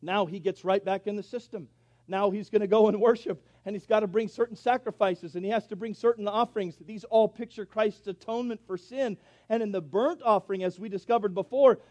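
High-voiced fervent preacher man. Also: no echo. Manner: swings from hushed to shouting, preaching fervor; reads scripture in a low, slow voice. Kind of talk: sermon.

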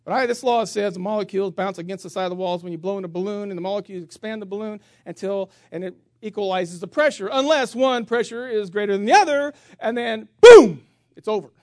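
A middle-aged man preaching, telling a story on himself with big swings between loud outbursts and quiet asides. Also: sits high, fast talker, few pauses, no room sound, studio quality. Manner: animated, self-mocking storyteller with voice swings. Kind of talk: sermon storytelling.

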